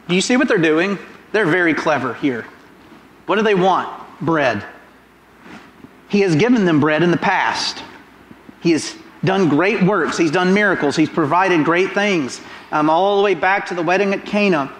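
A middle-aged man preaching a sermon in a church, animated and full of rhetorical questions. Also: high voice, moderate pace, a little hiss or hum. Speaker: pastor. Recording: roomy echoing hall.

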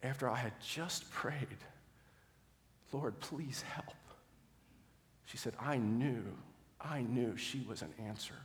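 A middle-aged man preaching a sermon, telling a story earnestly, often restarting words and dropping to a soft voice in quiet moments. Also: mid-range voice, unhurried. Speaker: pastor. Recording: long hall reverb.

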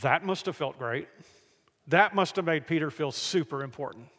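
A man preaching a sermon, telling the stories in a lively way and acting out the people in them. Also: fairly high pitch, normal speed, big-room sound. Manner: animated storytelling, acts out the figures in the stories.

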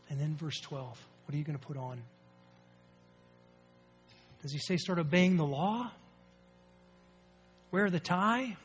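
A man's voice: on the high side, soft background music. Nasal, stuffy-voiced male pastor preaching. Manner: storytelling, rising and falling emphasis, reads scripture slowly. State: nasal from allergies. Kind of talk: sermon.

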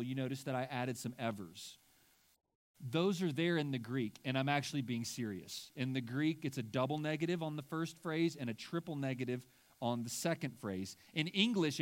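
A male pastor delivering a sermon in an earnest, measured way. His voice sits a little higher than most men's, and he often pauses on ums and uhs.

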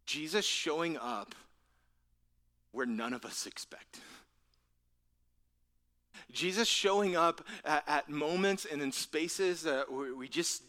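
A man's voice: fairly high pitch, animated, slow, long pauses, sharp tone. A man preaching a sermon in an earnest, conversational way, often repeating words and dropping to a near whisper for emphasis. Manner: repeats words and restarts phrases. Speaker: pastor.

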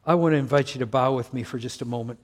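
A man's voice: mid-range voice, quick pace. An older man from Canada, a pastor preaching a sermon with earnest emphasis and frequent stammered restarts.

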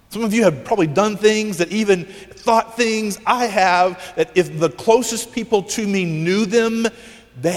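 A man pastor preaching a sermon in a church, emphatic and intense, with dramatic pauses and sudden hushes. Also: high-pitched, long reverb tail.

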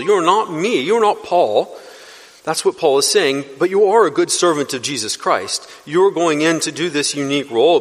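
Earnest male pastor in a reverberant hall. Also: fairly high pitch. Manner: earnest teaching, rising for emphasis. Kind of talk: expository sermon. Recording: long reverb of a church hall.

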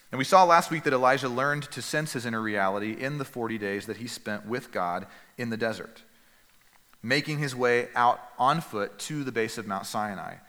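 Earnest preacher man in a reverberant hall. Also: mid-range voice. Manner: earnest, emphatic preaching with dramatic pauses and quiet drops. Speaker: pastor. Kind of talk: sermon.

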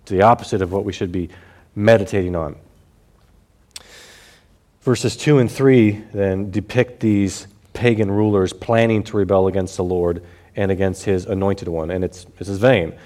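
Low-voiced man teaching the Bible. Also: fairly even intonation, moderate pace, warm tone. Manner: explanatory, repeats key phrases for emphasis.

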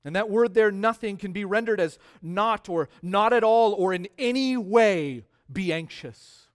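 Man, pastor, sermon, high voice, emphatic, repeats key words. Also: unhurried. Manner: emphatic preaching, repeats key words, swings between soft drops and loud rises.

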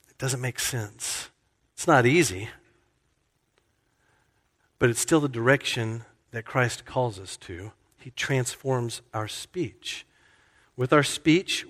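A male pastor delivers a sermon in a mid-range, fairly bright voice, telling a story conversationally. He keeps correcting himself and restarting sentences partway through, and a long hall reverb trails his words.

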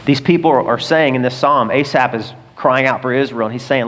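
A man preaching a sermon as pastor, emphatic, asking the congregation rhetorical questions and swinging between loud bursts and quiet asides. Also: mid-range voice, fairly quick, few pauses. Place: large auditorium. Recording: long hall reverb.

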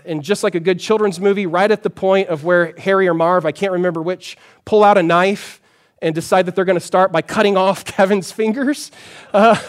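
A man, a pastor, preaching a sermon in a conversational storytelling way, often dropping to a soft, low voice for emphasis.

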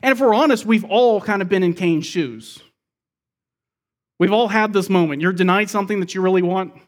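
High-voiced man preaching a sermon. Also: moderate pace. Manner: expository, explains scripture verse by verse. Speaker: pastor.

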